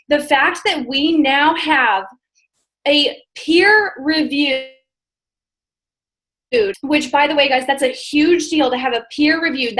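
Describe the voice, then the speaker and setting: A woman who is a registered nurse, hosting a team call's news segment with energy, stressing key words slowly and emphatically. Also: sits high, a bit bright, poor audio.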